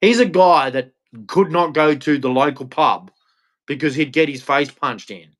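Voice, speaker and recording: A man's voice: on the high side, moderate pace, fairly bright tone. An Australian man delivering an angry, blunt, crude rant on a livestream, repeating himself as he goes. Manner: blunt, crude, heated, repetitive. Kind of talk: angry ranting monologue.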